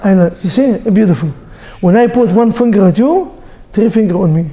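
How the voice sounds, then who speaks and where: A man teaching as a rabbi, telling stories with jokes and sound effects in a lively sermon to a group. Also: high-pitched, a little fast. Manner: animated storyteller, joking, with sound effects.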